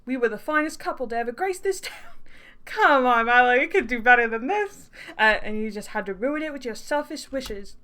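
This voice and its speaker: Woman playing a arrogant jealous ex in a game, bad fake British accent, condescending, mocking, voice on the higher side. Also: animated, normal speed, bright, forceful tone. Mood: smug. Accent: put-on British. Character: smug arrogant young man, jealous ex-lover. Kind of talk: reading game dialogue aloud.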